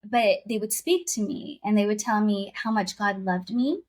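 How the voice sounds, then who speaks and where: A woman's voice: mid-range voice, normal speed, darkish tone. A woman guest telling a personal story in conversation, earnest and emotional, often repeating her phrases.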